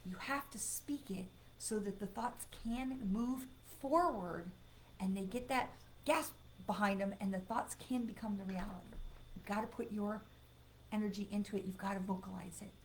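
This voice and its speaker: A woman's voice: medium pitch, normal speed, a little mellow, a little hiss or hum. A woman reading cards on a live stream in a chatty, encouraging way, breaking off now and then to ban spammers. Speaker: psychic medium doing live card readings.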